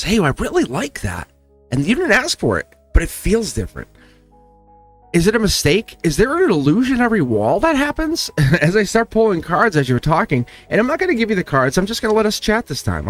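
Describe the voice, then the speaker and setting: A man hosting a spiritual tarot talk, speaking in an animated way with lots of repetition and frequent laughs. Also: a little high. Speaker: tarot reader and channel host.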